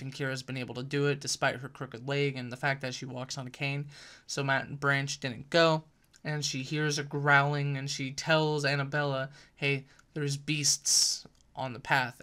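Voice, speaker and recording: Bright-voiced young man rambling a book review. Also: mid-range voice, smooth. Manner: rambling, self-correcting, uses fillers.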